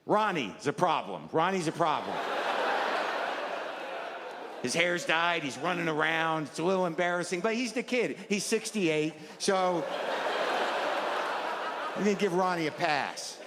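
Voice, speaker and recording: On a live comedy stage, a stand-up comedian tells the audience a rambling, stammering story at his own expense. His voice is slightly high and expressive, with a measured pace and frequent pauses. The recording comes from a reverberant live hall, and there's heavy background noise from the crowd.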